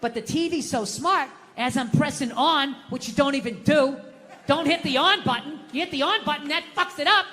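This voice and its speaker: A middle-aged man doing stand-up comedy on an outdoor stage, ranting and bursting into loud shouted impressions. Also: very high voice, normal speed. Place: large outdoor venue, windy. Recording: live stage sound with long reverb, faint noise.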